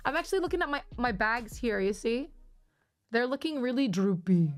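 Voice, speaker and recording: A woman's voice: a little high, expressive, moderate pace. A woman livestreamer chatting casually with her viewers, laughing often and reading chat aloud.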